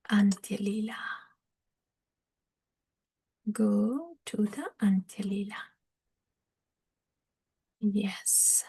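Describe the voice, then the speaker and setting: Brief: female scripture teacher, storytelling, husky, near-whispered. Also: mid-range voice, dark tone.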